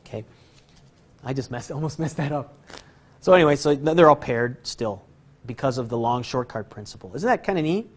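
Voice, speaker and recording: A man's voice: medium pitch, expressive, brisk, breathy edge. Jokey rambling magic teacher, a man. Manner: rambling, jokey, self-deprecating, chuckles often. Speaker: magic instructor. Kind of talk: casual card-trick tutorial.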